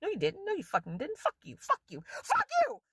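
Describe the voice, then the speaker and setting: A woman's voice: high-pitched, wildly swooping pitch, quick pace, fairly bright tone, breathy edge, dry recording. A woman vlogger delivering an angry, profane rant straight to camera in a casual monologue.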